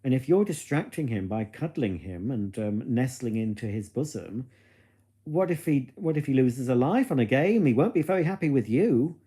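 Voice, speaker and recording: Camp, cheeky man, mellow voice. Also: medium pitch, animated, normal speed, slightly rough. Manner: camp, cheeky, full of innuendo; chatty and gossipy, musing aloud. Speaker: livestream host reading viewer comments. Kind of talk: casual chat to a live audience.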